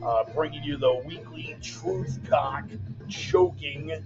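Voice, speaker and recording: Reading viewer comments on his weekly commentary livestream, a man jokes around and calls his listeners "man" and "brother." His slightly high voice swoops wildly in pitch at a slow pace. The laptop mic sounds dull and lo-fi, with bumper music underneath.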